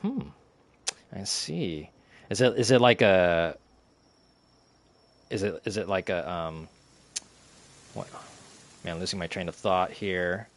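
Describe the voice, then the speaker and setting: A man's voice: sits low, lively intonation, slow, pauses often. A young man streaming a game and chatting casually, rambling with lots of fillers, restarts and giggles.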